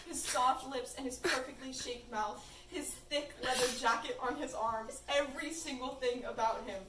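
A woman's voice: high-pitched, normal speed, hardly any pauses, distant mic. A young woman reading her fan fiction aloud at a party in an amused, informal way. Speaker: reader. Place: room at a birthday party. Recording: echoey room from afar, faint noise.

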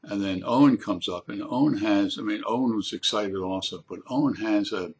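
Older man, low gravelly husky voice. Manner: unhurried, with frequent ums and restarts. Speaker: grandfather telling a family story. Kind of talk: casual spoken storytelling.

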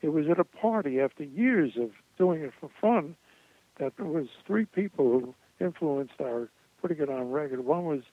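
An older man recounts old stories in a rambling, anecdotal way, full of restarts and "uh"s. His voice sits a little high for a man. It comes through a tinny, phone-like line with a very dry sound. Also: expressive, moderate pace, dry recording. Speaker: guest. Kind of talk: interview storytelling.

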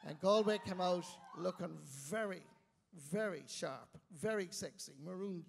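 A middle-aged Irish man from County Clare, a guest telling self-mocking stories in an animated way on a live stage. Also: sits high, unhurried, gravelly, a little hiss or hum. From Ireland, County Clare. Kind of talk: storytelling interview. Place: live stage before an audience. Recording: long reverb of a live venue.

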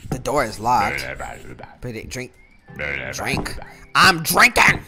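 Male gaming YouTuber, lively pitch swings, slangy banter, game music underneath. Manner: animated, slangy, quick to laugh. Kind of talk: casual let's-play commentary. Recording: game music playing behind the voice.

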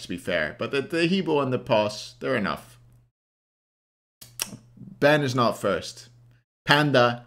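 This hungover young man has a lowish, pushed, bright voice. On a casual stream he works through a player ranking, lashing out at his chat with lots of profanity.

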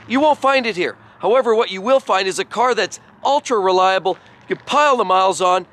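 Bright, effusive man reviewing cars. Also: sits high. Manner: effusive, praising every detail. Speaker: car reviewer. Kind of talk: enthusiastic car walkaround. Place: outdoors beside parked cars.

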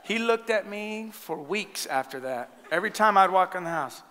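Animated preaching man, bright voice. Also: sits high, moderate pace. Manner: animated storytelling, laughing at his own stories. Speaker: pastor. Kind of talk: sermon. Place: church sanctuary. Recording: long church hall reverb.

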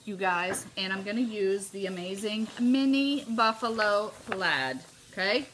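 A middle-aged woman leads a relaxed craft tutorial from her home, talking straight to her viewers. Her voice is bright and forward, and she keeps a chatty tone. A faint noise sits behind the recording. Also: medium pitch, a little slow. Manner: chatty, addresses viewers as "you guys", laughs often. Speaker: craft demonstrator. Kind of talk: casual live craft tutorial.

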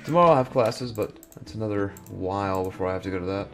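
A sleepy young man talks through his gameplay in a casual, rambling way, often muttering half to himself. His voice sits a little low and carries a gravelly fry, with soft music faint underneath. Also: fast talker. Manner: muttering to himself while sorting and exploring. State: sleepy, yawning. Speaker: gameplay commentator. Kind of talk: casual let's-play commentary.

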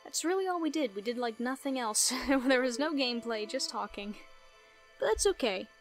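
A woman's voice: fairly high pitch, animated, moderate pace, soft background music. A woman hosting a casual game playthrough, playful and self-mocking, with giggly asides. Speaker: gaming video host.

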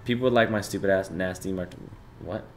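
Male streamer in his twenties, low-pitched and loose, casual profane chat, faint room hiss. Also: steady tone, quick pace. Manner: loose, profane, chatty banter with viewers. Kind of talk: casual livestream chat reading out chat.

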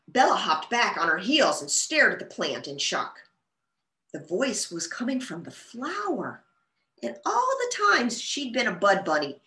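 Lively woman reading a children's story. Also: mid-range voice. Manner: gentle, expressive storytelling. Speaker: children's librarian. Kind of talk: storytime read-aloud. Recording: roomy echo.

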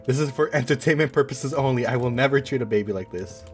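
Over game music, a fast-talking gaming YouTuber with a mid-range voice gives let's play commentary on a horror game. He reacts jumpily, letting out repeated exclamations.

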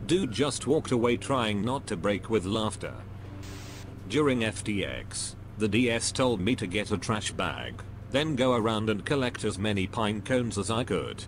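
A man reading out anecdotes as a narrator, with an expressive storytelling delivery. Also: on the low side, unhurried. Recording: steady hum under the voice.

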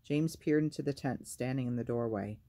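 A man reading a novel aloud as a storyteller, in a measured, even way. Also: mid-range voice.

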